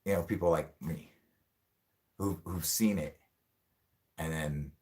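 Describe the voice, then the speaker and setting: A man's voice: rumbling low, fairly even intonation, slow pace, darkish tone. A man hosting a livestream, ranting angrily and swearing a lot as he answers the chat. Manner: angry, profane, ranting. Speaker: channel host.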